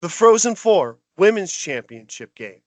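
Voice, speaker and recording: High-voiced man on a sports rant. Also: a little slow, dry recording. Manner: exasperated, animated ranting. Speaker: podcast co-host.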